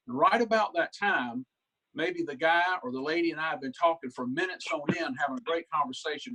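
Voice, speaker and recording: Southern man, humorist, easygoing chatty storyteller, slightly high pitch, video call. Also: sharp tone, poor audio. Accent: Southern US, South Carolina. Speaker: humorist and inspirational speaker. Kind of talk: folksy comedic storytelling.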